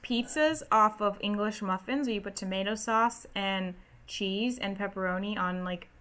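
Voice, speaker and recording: A woman's voice: medium pitch, normal speed, fairly bright tone. Woman cohosting a talk show, opinionated, pushes her points hard. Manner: opinionated, emphatic. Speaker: podcast co-host. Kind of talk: casual political chat.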